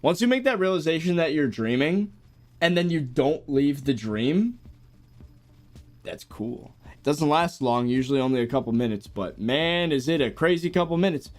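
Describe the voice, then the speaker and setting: A man's voice: fairly high pitch, normal speed. A young American man chatting casually on a live stream, answering viewer messages with frequent chuckles. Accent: General American. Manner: laid-back, chuckles often, lively up-and-down delivery.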